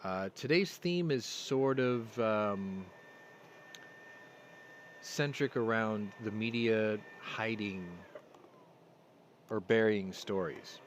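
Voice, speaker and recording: Casting note: lowish male host, rambling chatty storyteller, faint noise behind. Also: extremely slow, long pauses. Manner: rambling storyteller, gets loud and excited. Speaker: podcast host. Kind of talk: casual live-stream chat. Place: home room. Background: yard work outside.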